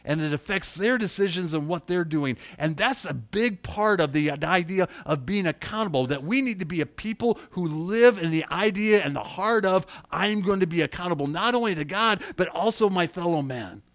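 A middle-aged man preaching a sermon, animated, acting out quotes and asking his congregation questions. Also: high-pitched, normal speed, few pauses, dry recording. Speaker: pastor.

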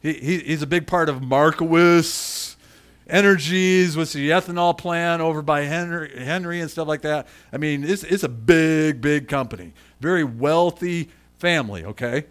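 A man's voice: a little high, normal speed, fairly bright tone. A middle-aged man preaching a sermon in a conversational way and calling on people in the congregation by name. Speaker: pastor.

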